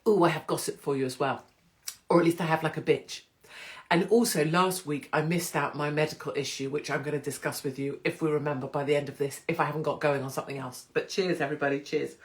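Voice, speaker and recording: A woman's voice: deep voice, steady tone, fast. Chatty, irreverent British-accented woman hosting a live stream. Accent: British English. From England. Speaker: host of a live-streamed show. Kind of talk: casual live-stream chat. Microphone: phone or computer live stream.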